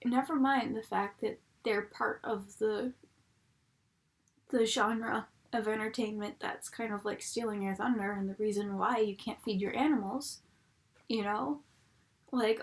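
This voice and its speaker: A woman's voice: mid-range voice, creaky. A young woman reviewing an episode in a casual, rambling way, full of tangents and sarcastic asides. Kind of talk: casual chat. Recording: audible background noise.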